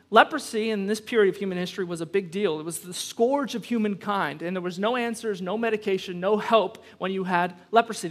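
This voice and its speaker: A man pastor preaching a sermon, reading scripture and then making emphatic points with conversational asides to the congregation. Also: sits high. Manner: emphatic, rising to loud peaks on key points.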